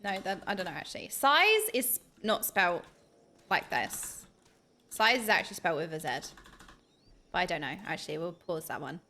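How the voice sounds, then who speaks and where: A woman's voice: fairly low pitch, expressive, a little fast, pushed and bright, a little hiss or hum. A young British woman with a British accent chatting animatedly while streaming a game, bursting into laughs and mock outrage. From United Kingdom.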